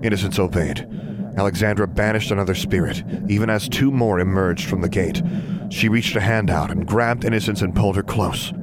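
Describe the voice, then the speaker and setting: A man narrating a story in a steady, even reading voice. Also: lowish voice, brisk, very noisy. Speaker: audiobook narrator. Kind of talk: scripted narration.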